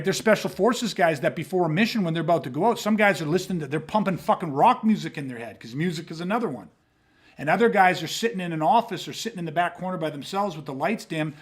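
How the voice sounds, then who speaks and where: A man co-hosting a podcast, talking casually and emphatically with frequent swearing. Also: fairly high pitch. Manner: emphatic, profane, animated storytelling. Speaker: podcast co-host.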